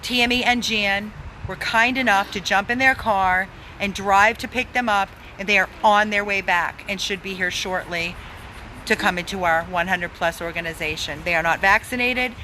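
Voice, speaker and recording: A woman's voice: medium pitch, steady tone, moderate pace, pushed and bright, a little hiss or hum, rough recording. A woman who runs an animal rescue, pleading for donations, emphatic and repeating words for stress. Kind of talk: pleading fundraising appeal.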